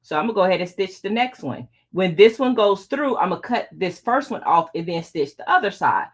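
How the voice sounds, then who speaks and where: A woman's voice: mid-range voice, lively intonation, a little fast. A middle-aged woman hosting a casual live quilting tutorial, chatting with her viewers as she sews. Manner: chatty, talks to viewers while working. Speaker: quilting channel host.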